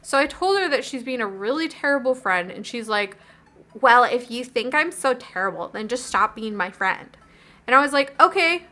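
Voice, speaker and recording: A woman voicing an upset, rambling teenage girl in a video game, with a high, bright voice. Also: expressive, normal speed. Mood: gossipy. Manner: rambling, gossipy, dejected.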